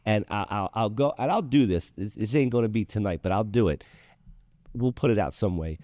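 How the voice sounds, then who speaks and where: A man's voice: on the low side, brisk, mellow, dry recording, clean studio sound. Profane, fired-up man hosting a show. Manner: heated, profane storytelling. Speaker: show host. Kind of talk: casual comedic talk show rant.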